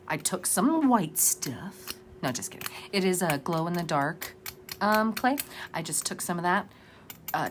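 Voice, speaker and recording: A woman's voice: on the low side, fairly bright tone, a little hiss or hum. A woman vlogger narrating a casual crafting tutorial in a rambling, chatty, self-deprecating way.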